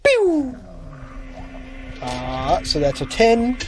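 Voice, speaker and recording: A man's voice: fairly high pitch, brisk, noisy background. A man playing a tabletop game who explains and checks the rules closely. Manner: lively, sticks to the rules. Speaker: player. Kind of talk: casual tabletop play.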